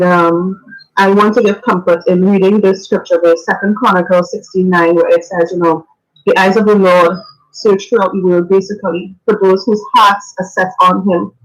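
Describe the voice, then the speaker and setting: A woman's voice: on the low side, rough recording. A woman, a radio guest sharing heartfelt, faith-filled memories in an earnest, reflective way. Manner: earnest, reflective, sometimes laughing; faith-filled, preacher-like phrasing. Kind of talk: spoken radio tribute.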